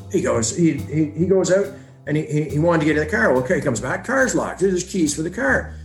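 A man tells his story in a blunt, profane way and acts out every line of dialogue he quotes. His voice sits a little higher than most men's. Faint music plays behind him. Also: very animated, a little fast, reverberant. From Ontario, Canada. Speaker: brother of a missing woman, interviewee. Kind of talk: storytelling interview.

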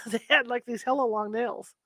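This middle-aged woman from Sacramento, California, is a chatty conversation partner who tells stories in a casual chat and laughs now and then as she goes. Her voice is a little high and sharp in tone, with fairly even intonation and normal speed. There's no echo.

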